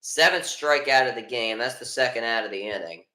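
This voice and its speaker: Bright-voiced man calling a game live. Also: medium pitch, brisk, echoey room. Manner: frustrated, swings between muttering and excited calls. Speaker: fan commentator. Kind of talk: live fan play-by-play commentary.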